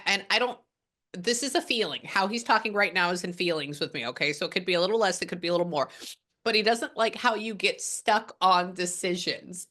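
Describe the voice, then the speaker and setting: Chatty woman medium, bright forceful voice, loose and rambling, swears casually. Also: medium pitch. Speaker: psychic medium. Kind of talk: casual spirit reading session.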